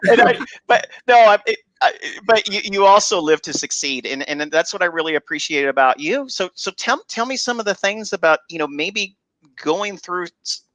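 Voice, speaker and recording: A man hosting a radio interview, talking haltingly with many restarts and warm praise for his guest. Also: high voice, animated, dry recording. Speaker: host. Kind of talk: casual interview chat.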